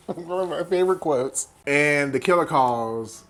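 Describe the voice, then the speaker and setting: A tipsy man retelling a horror film as a comedy recap, animated and profane, jumping into quick impressions of the characters. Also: fairly high pitch, a little hiss or hum. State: tipsy from wine. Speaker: host.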